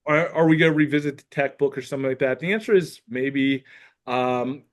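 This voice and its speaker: A man's voice: mid-range voice, brisk. A man who works as a school counselor and author, talking through his ideas earnestly and thoughtfully as a podcast guest. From Pennsylvania. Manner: earnest, thoughtful, many "like" fillers. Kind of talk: casual conversation, reading from his book.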